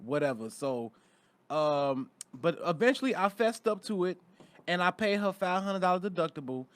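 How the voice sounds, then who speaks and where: A young man, a podcast guest, telling a story in casual chat, animated and laughing as he acts out the scenes. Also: sits high, normal speed.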